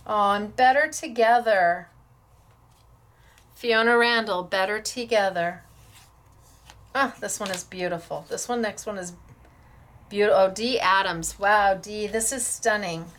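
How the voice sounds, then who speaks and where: A woman hosting a craft show, excitedly showing off viewers' samples, gushing and stammering as she talks. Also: medium pitch, measured pace, long pauses.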